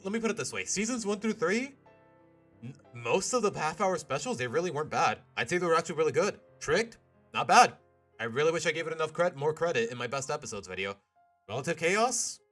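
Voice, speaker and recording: A man hosting a live stream, chatting casually and rambling, often cutting himself off mid-sentence. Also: on the high side. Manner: animated, rambling, self-interrupting. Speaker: streamer host.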